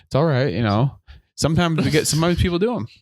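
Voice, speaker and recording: A man's voice: fairly high pitch, fast, no echo. A man co-hosting a podcast, riffing in long, rambling absurd bits. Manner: rambling, absurd deadpan riffs. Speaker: podcast co-host. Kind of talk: casual podcast banter.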